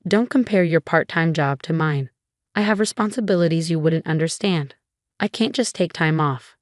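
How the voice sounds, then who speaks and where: A woman reading the lines of a cold, demanding husband in a flat, even way. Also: low-pitched, moderate pace, no room sound, studio quality, natural voice. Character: cold controlling husband, adult man.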